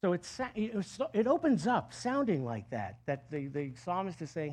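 Husky-voiced man preaching a sermon. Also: high-pitched, normal speed. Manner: conversational and animated, often restarting phrases. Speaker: pastor.

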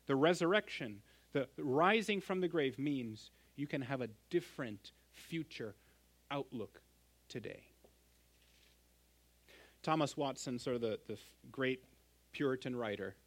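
A middle-aged man pastor preaching a sermon, earnest and emphatic, swinging from loud stresses to hushed endings. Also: mid-range voice.

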